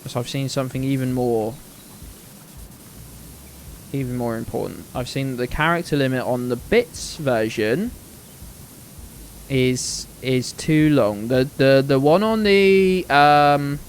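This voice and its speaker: A man's voice: mid-range voice, slight background noise. Man, game streamer, casual chat, playful, sweary. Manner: chatty, playful, swears freely.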